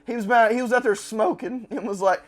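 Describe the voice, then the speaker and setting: A man, a podcast host, telling a long story casually and acting out the quotes with sudden shouts. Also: very high voice, brisk. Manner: animated, acts out quotes with loud shouts.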